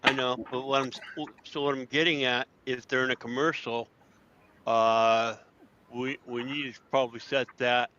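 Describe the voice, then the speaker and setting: A man's voice: mid-range voice, little pitch movement, moderate pace, pushed and bright, slight background noise. A man co-hosting a casual podcast, rambling and trailing off with lots of ums. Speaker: podcast co-host. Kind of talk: casual chat. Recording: dull lo-fi sound.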